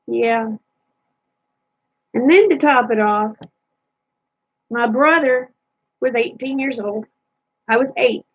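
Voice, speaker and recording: A woman's voice: a little high, slow pace, pauses often, highs cut off. A woman vlogger telling funny stories from her childhood in a folksy, chatty way. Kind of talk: casual storytelling.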